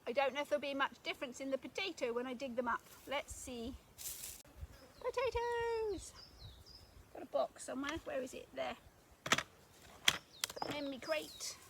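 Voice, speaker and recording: A woman with a high, light voice chats cheerfully as she works outdoors, thinking aloud as she goes. Faint outdoor noise sits under her voice. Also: a bit bright. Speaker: gardening vlogger. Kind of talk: casual narration while digging. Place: garden outdoors.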